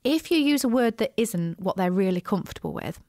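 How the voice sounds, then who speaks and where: A woman hosting a business podcast, chatty and animated, with frequent asides and restarts. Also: medium pitch, a little fast, no echo, studio quality. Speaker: podcast host, business coach. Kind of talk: casual solo podcast talk.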